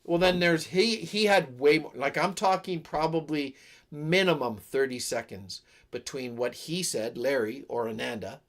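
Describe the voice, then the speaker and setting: A man's voice: fairly high pitch, moderate pace. A man hosting a livestream, chatting casually and rambling with jokes aimed at his viewers. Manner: rambling and jokey, talks to the chat. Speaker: livestream host. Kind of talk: casual chat with live viewers.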